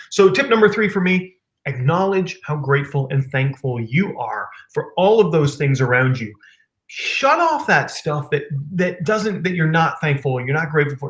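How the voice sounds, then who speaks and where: A man hosting a live business chat over a video call, enthusiastic, repeating words in quick bursts. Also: fairly high pitch, fairly bright tone. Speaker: host of a live business stream. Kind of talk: casual chat.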